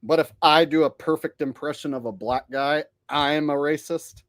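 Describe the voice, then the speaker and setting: A man's voice: fairly high pitch, steady tone, normal speed, fairly bright tone, dry recording, clean studio sound. A man hosting a casual commentary monologue, sardonic and conversational. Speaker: commentary channel host.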